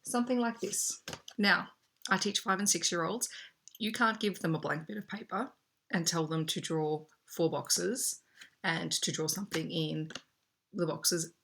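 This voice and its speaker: Low-voiced Australian woman chatting about books. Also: unhurried, gravelly, a bit bright, slight background noise. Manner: chatty, enthusiastic, shows pages to camera. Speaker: teacher and book vlogger. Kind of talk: casual book haul chat.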